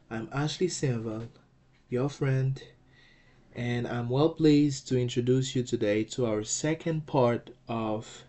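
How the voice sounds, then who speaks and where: A male teacher walks through a language lesson at an unhurried pace. His voice is dark and mellow, and he talks in a deliberate way, repeating and rephrasing himself with the odd filler. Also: mid-range voice. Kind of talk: slow explanatory lesson.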